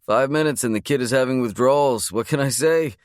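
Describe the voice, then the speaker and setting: A man's voice: mid-range voice, brisk, no room sound, clean studio sound, pitched above the performer's own voice, natural voice. A man voicing a cocky, amused young father teasing his brother. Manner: amused, smug.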